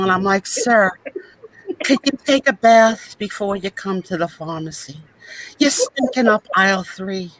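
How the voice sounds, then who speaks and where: A woman's voice: medium pitch, fairly bright tone, poor audio. A woman playing a weary young female pharmacy worker who sighs and complains over a video call. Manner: sighing, complaining, exasperated.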